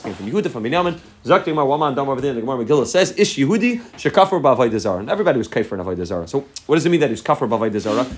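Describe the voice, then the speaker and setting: A man giving an earnest Torah talk as a rabbi, repeating himself and restarting phrases as he explains. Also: medium pitch. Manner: earnest, rapid-fire teaching with frequent repeats and restarts.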